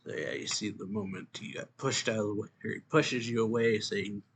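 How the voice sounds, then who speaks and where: Low-voiced man recapping a comic chapter. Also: fairly bright tone, slight background noise. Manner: loose, halting retelling with fillers. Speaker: manga reviewer.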